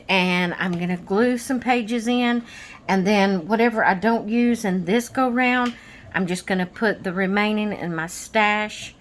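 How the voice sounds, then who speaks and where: Slow-talking woman, slightly breathless. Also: medium pitch, slight background noise. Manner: slow, rambling, relaxed. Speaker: crafting vlogger. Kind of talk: casual crafting vlog. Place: home with dogs, rainy day.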